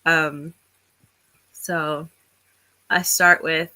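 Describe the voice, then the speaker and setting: A woman's voice: medium pitch, animated, slow, long pauses, bright, forceful tone, low-quality recording. A woman hosting a casual writing livestream, chatty and thinking aloud as she reads and talks. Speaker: livestream host of writing sprints.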